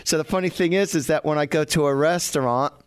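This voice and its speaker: A man's voice: a little high, fast talker, smooth, no echo. A man, a psychic medium, chattily telling funny stories and laughing often. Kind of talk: casual storytelling.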